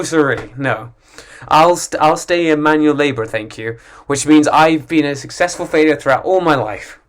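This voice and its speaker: A man's voice: a little high, normal speed, few pauses. A young man reading stand-up jokes for his channel, giggling and stopping to redo bits. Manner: giggly, self-interrupting, restarts bits. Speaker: beginner YouTuber doing stand-up. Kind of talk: casual stand-up reading with asides.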